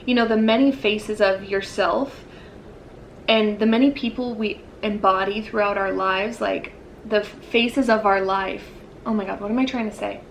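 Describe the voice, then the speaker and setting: A woman's voice: medium pitch, slight background noise, rough recording. A woman giving a casual pick-a-card tarot reading, rambling and searching for words with lots of fillers, yawning now and then. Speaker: tarot reader.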